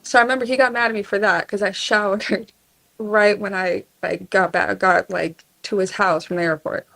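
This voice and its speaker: A woman guest tells a story in a casual live chat, swearing freely and acting out the lines of the people in it. Her voice has an ordinary middle pitch. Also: normal speed, creaky, low-quality recording. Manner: animated, swears, acts out quotes.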